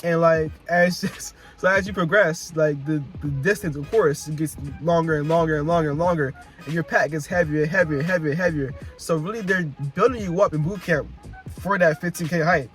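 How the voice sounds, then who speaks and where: A man's voice: on the high side, fairly quick, fairly bright tone, soft background music. A young man telling casual, slang-filled stories to camera, often repeating himself and laughing as he talks. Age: young adult. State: emotional, close to tears. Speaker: vlogger recounting Marine boot camp. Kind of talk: casual chat.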